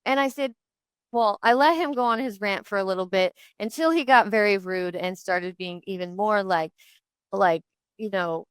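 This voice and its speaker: A woman hosting a podcast, telling a story in a chatty, animated way with many fillers. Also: medium pitch, clean tone, no room sound. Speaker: podcast host.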